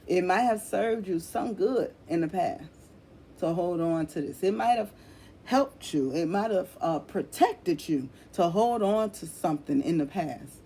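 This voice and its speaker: A woman's voice: fairly low pitch, expressive, a little slow, dark tone, slight background noise. Blunt, swearing tarot reader woman. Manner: blunt, swears freely, calls listener honey; emphatic, repeats phrases. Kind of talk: casual tarot reading.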